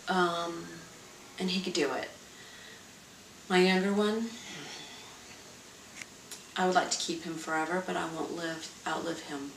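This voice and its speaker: A mother in her forties talks candidly and evenly, her lowish voice settled and resigned. She sounds set back from the microphone in a roomy space, with a faint hiss underneath. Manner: frank, measured, quietly resigned. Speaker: mother of two sons with special needs. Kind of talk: candid interview talk. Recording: roomy sound from a distant mic, faint noise.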